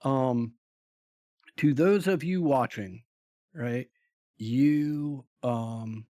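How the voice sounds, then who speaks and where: Man, game master, slow deliberate narration with fillers. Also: medium pitch, mellow, no room sound, clean studio sound. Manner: unhurried, hesitant, many fillers.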